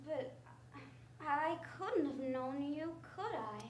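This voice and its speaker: A woman's voice: high-pitched, lively intonation, takes it slowly, slight background noise. A woman playing an earnest, wide-eyed young girl heroine in a live radio play. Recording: echoey theater stage.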